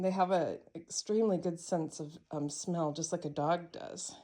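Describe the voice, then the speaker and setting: A woman filming a casual vlog while looking after her cats, speaking softly, cooing to them and pausing often with fillers. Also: sits low, fairly even intonation. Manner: hesitant, with many fillers. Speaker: cat caretaker.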